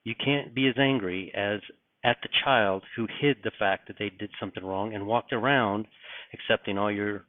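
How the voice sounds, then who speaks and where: Middle-aged man, urgent earnest preaching, low voice, dry tinny phone-like sound. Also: no echo. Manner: earnest, urgent, repeats phrases. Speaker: religious video host. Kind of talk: end-times preaching vlog.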